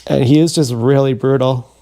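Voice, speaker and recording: A man's voice: medium pitch, steady tone, normal speed, mellow. A man telling a long personal story on a livestream, meandering and profane, often restarting his sentences. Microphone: streaming from a body camera.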